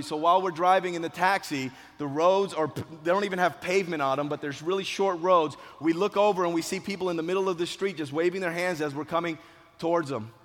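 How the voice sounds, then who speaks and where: Man telling a dramatic story in a hall. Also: high-pitched. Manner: dramatic, shifting between hushed and loud. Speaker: speaker telling a personal story. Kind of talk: motivational storytelling speech. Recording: long hall reverb.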